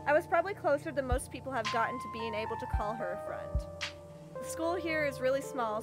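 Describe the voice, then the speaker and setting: Chatty teasing small-town gal, read by a woman, high voice, music behind. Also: natural voice.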